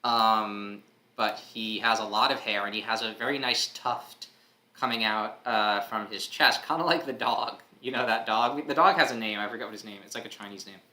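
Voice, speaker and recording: A man's voice: fairly low pitch, fairly even intonation, normal speed, bright, forceful tone, roomy sound. A man hosting a live comic read-along, chatty and casual, who laughs often and drifts into fillers. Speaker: host reading a comic live.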